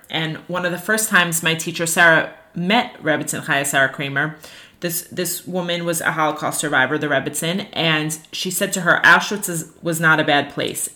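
A woman teaching a lesson on Jewish ethics, her voice low-pitched yet bright and forceful. She talks in an earnest, animated way, with plenty of fillers like "you know." She moves easily from teaching points to personal stories. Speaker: religious teacher.

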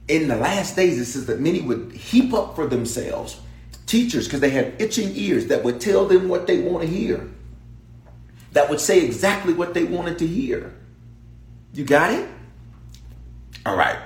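A male bishop preaching a sermon, his voice swooping high and low as he calls out and repeats lines to his congregation. He moves from hushed asides to shouted peaks. The sound carries the echo of a church room. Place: church sanctuary.

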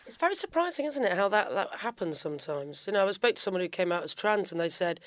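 A woman's voice: medium pitch, expressive, fast talker, hardly any pauses, dry recording. A woman hosting a podcast who interviews a guest, summing up the guest's story with reflective questions. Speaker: podcast host.

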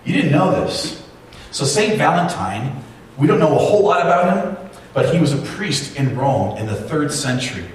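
A man's voice: fairly high pitch, very animated, normal speed. A man in his forties preaching a sermon, telling a family story with self-deprecating humor. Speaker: pastor. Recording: very echoey hall, distant mic, faint noise.

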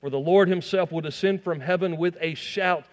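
A man pastor preaching a sermon, building to emphatic peaks and dropping to quiet asides. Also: high-pitched, moderate pace, long reverb tail.

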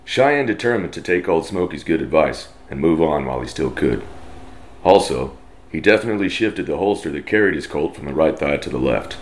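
Deep texan guy reading a cowboy story, slow drawl, bit of background hiss. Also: expressive. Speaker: story reader. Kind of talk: reading a western story aloud.

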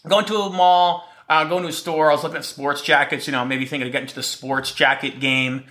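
A man's voice: fairly high pitch, steady tone, a little fast, bright, forceful tone. A man hosting a podcast on his own, telling stories in a light-hearted, rambling way, with a slight lisp. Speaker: podcast host. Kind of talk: casual solo podcast talk.

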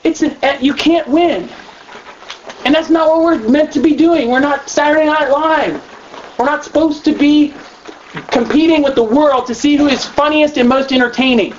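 A man giving a training talk to youth leaders, animated and acting out the kids he quotes. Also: very high-pitched, fairly quick. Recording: dull lo-fi room recording with faint noise.

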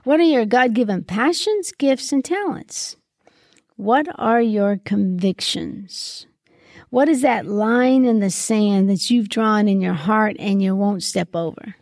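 A middle-aged woman hosting a reflective Christian podcast, asking gentle questions in an earnest way, sometimes choked up with grief. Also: medium pitch, takes it slowly, dry recording, clean studio sound. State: grieving, occasionally choked up. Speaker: podcast host and Christian mentor. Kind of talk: reflective solo podcast monologue.

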